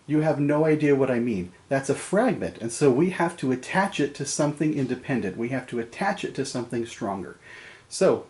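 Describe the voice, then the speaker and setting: A man teaching a writing class in a recorded video lecture, talking in a relaxed, conversational way with fillers and small laughs. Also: mid-range voice, normal speed.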